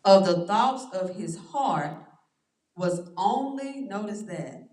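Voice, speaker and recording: A woman leading a church Bible study, reading verses slowly and stressing words, with frequent "all right" checks to the class. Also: mid-range voice, lively intonation, a little mellow. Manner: slow, drawn-out scripture reading with stressed words. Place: church room. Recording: roomy echo, distant mic.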